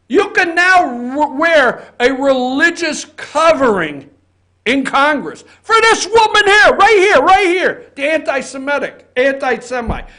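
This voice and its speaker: A man's voice: extremely high pitch, a bit bright. A man hosting an opinion talk show from an office, ranting heatedly and swearing often.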